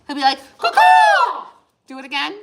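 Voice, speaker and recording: In a very noisy recording, a crafting livestream co-host chats casually, telling stories and voicing lots of quotes herself. Her medium-pitched voice has lively intonation and a moderate pace.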